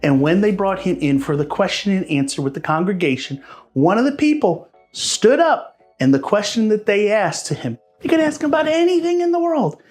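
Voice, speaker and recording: A man's voice: high voice, very animated, fairly quick, darkish tone, soft background music. A man from Pennsylvania, a realtor, giving friendly, chatty advice straight to camera in a casual vlog. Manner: friendly, chatty, addresses viewers as guys. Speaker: realtor and local vlogger.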